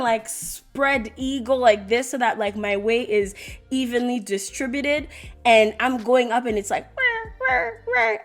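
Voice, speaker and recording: Chatty young woman vlogging. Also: a little high. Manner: chatty and animated, lots of "like" fillers. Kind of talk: casual storytelling vlog.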